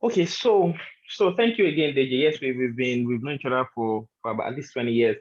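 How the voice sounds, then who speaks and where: A man's voice: medium pitch, fairly quick, lo-fi sound. A man answering as a guest, reflecting on his own work, restarting phrases as he builds each point.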